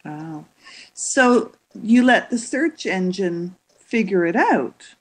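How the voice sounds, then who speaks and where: A woman's voice: medium pitch, sing-song, slow, husky. Woman podcast host, mid-range voice, curious interviewer who recaps the guest's points.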